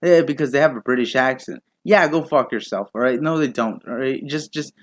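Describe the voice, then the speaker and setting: A man reacting to a video in a heated, sarcastic rant, swearing freely and sounding openly disbelieving. His voice sits at an ordinary middle pitch. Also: fairly quick. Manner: sarcastic, profane, incredulous. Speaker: YouTube commentator.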